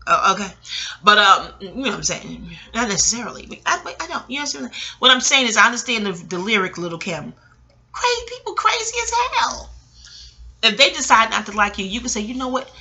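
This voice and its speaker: A woman's voice: mid-range voice, fast talker. A woman in her late forties telling family stories in a casual, rambling monologue, chatty and frank, arguing with herself and swearing. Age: late 40s. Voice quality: animated, talks back to herself. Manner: chatty,喜 laughing asides, profanity. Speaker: audio blogger.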